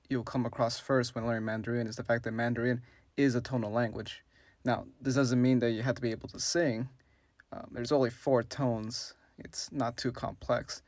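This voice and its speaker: A man's voice: mid-range voice, a little mellow, dry recording. A man teaching a beginner language lesson with patient explanations, modeling sounds aloud. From English-speaking country. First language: English. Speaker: language channel host.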